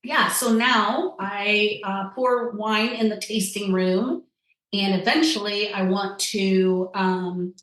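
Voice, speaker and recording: A woman's voice: medium pitch, steady tone, slow pace, fairly bright tone. A woman chatting casually as a podcast guest, rambling with lots of fillers. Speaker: guest, tasting-room wine server. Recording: echoey room.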